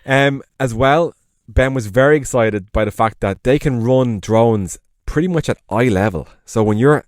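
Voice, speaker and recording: A man's voice: medium pitch, normal speed, no room sound, clean studio sound. An Irish man co-hosting a podcast, chatting casually and enthusiastically, with lots of fillers and rambling asides. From Ireland. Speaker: podcast co-host.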